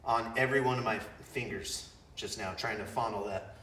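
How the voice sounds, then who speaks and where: A man's voice: on the low side, moderate pace, pushed and bright. A middle-aged man chatting casually while working in his home garage, joking and poking fun at himself. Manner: joking, self-mocking, rambling. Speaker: hobby mechanic host.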